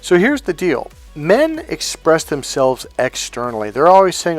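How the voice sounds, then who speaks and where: Man dating coach, lively pitch swings, brash and profane, quiet music underneath. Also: normal speed, hardly any pauses, no room sound. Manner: blunt, profane, emphatic, acts out quoted speech. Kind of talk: coaching monologue to men.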